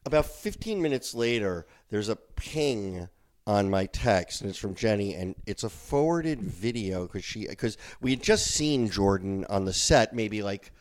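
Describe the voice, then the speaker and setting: A middle-aged man hosting a podcast, telling a long personal story in casual chat, animated and rambling with frequent restarts. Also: fairly low pitch, measured pace. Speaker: podcast host.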